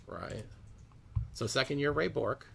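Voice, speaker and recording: A man's voice: mid-range voice, unhurried, vocal fry, noisy background. A man hosting a card-opening stream, chatting upbeat and speaking directly to his viewers. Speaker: host of a card break stream. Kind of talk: casual live commentary.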